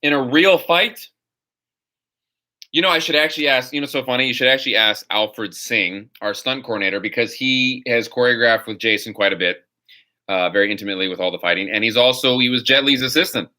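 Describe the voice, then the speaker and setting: A man's voice: mid-range voice, fairly quick, sharp tone. A man hosting a live stream, answering viewer questions in a rambling, opinionated way. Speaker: host.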